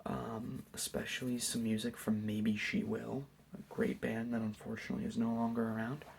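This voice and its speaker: A young man giving a soft, hesitant, whispered ASMR Q&A at home late at night, rambling with lots of fillers. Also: medium pitch, level tone, normal speed, vocal fry, a little hiss or hum. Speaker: YouTuber answering questions.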